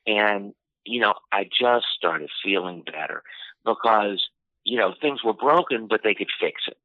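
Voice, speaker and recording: A man telling a personal story in an interview, unhurried and full of "you know" fillers. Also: lowish voice, expressive, no echo. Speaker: interview guest. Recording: tinny phone-line audio, dry.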